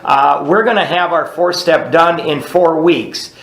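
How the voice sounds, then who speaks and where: A man's voice: on the high side, a little slow, a bit bright, echoey room. A man leading a recovery study group, teaching in a plainspoken, conversational way and often checking in with "right?". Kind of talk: teaching a group through a book.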